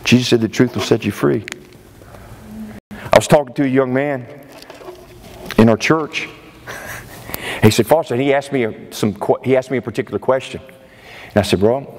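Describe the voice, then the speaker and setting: A man's voice: mid-range voice, darkish tone, long reverb tail, slight background noise. A male preacher delivering a sermon in an emphatic way, often exclaiming in disbelief. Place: church sanctuary.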